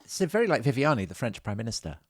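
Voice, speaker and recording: A man co-hosts a history podcast and cuts in with quick, wry remarks. He talks fast. The sound is dry and close. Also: mid-range voice, big pitch swings, no echo. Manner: quick interjections and wry asides. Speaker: podcast co-host. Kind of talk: conversational history chat.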